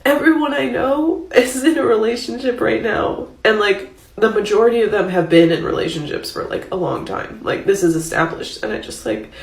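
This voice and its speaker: Crying woman vlogger, halting, gravelly, echoey room. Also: on the high side, distant mic. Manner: halting, with many fillers. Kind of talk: tearful vlog confession.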